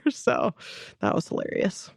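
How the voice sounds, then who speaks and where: On a podcast she co-hosts, a woman tells a family story in relaxed, chatty fashion, acting out the quotes and laughing along. She takes her time, and the recording is dry and studio quality.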